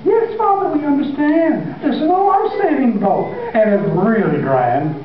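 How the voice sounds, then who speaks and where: Smug grown sons soothe and patronize in a breezy, high voice, as a preacher plays them. The voice is dull and comes from far back in a hall with heavy echo. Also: male voice, animated, normal speed, a crowd in the background.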